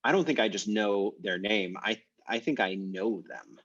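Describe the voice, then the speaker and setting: A man's voice: on the low side, normal speed, fairly bright tone, breathy edge, dull audio. A man teaching an online language class, thinking aloud with many fillers and restarts. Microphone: video call.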